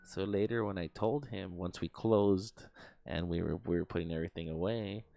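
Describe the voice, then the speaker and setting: A man's voice: low voice, fairly even intonation, moderate pace, gravelly, mellow, dry recording. A young man streaming live, telling a story in a rambling, profane way, full of fillers and sound effects.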